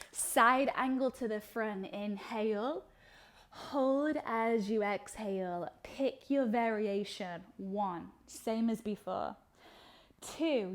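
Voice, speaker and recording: A young woman leads a yoga flow with calm, breath-paced instructions. Her voice sits a little high and she takes her time between cues, letting each inhale and exhale land. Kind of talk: guided yoga class cues.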